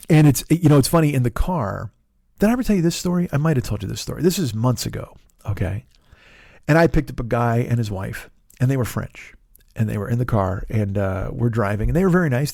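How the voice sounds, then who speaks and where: A middle-aged man tells a rambling story in a casual comedy monologue, swearing freely and poking fun at himself. His voice is gravelly and sits at an ordinary pitch. The sound is dry and close, with no room around it. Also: a little mellow, no room sound. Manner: rambling, profane, self-deprecating storytelling. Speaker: comedian and podcast host.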